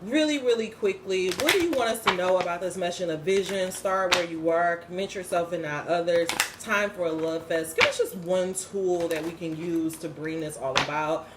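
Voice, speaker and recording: A woman's voice: fairly low pitch, normal speed, few pauses, roomy sound, heavy background noise. A woman speaking who gives a casual inspirational talk, emphatic and slangy, swearing freely and laughing often. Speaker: spiritual vlogger and host.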